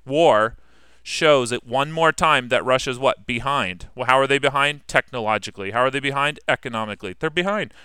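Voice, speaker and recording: A man's voice: a little high, sharp tone, clean tone, no echo, clean studio sound. A man teaching a history class in a casual, conversational way, asking his students questions and answering them himself.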